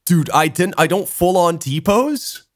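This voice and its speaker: A man's voice: sits high, slow, no echo, studio quality. A man hosting a podcast, telling a story in casual chat and laughing often as he goes. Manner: animated, laughs through his stories. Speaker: podcast host.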